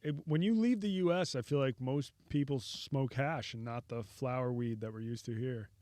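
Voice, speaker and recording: A man appearing as a podcast guest, chatting casually and chiming in with quick, easygoing agreement. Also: mid-range voice, darkish tone, dry recording, studio quality. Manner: laid-back, quick agreeing interjections. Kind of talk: casual chat.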